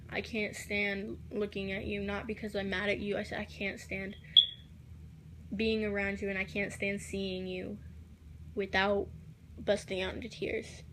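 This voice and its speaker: A woman telling a personal story to camera, recounting quoted text messages in a soft, halting voice that drops at times to near a whisper. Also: medium pitch, gravelly, a little hiss or hum. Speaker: vlogger.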